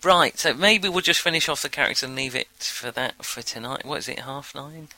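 A man running a tabletop game as game master, explaining rules in relaxed, chatty talk with fillers. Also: mid-range voice, brisk, a little hiss or hum, rough recording. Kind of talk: casual tabletop game chat.

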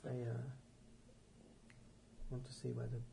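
A man playing a tabletop role-playing game, asking questions in halting, stop-start phrases. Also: medium pitch, completely flat delivery, vocal fry, noisy background. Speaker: player.

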